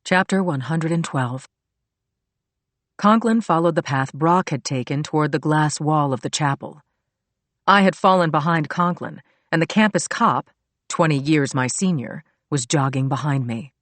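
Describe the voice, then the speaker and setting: A woman's voice: low-pitched, normal speed, no echo. Woman narrating a thriller, dry sound. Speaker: audiobook narrator. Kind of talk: scripted narration.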